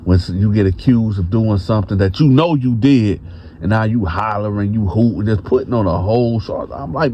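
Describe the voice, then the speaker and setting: A man's voice: fairly low pitch, brisk, mellow, a little hiss or hum. A man telling a prison story in a laid-back, casual way, with lots of cursing and repetition. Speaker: storyteller, host.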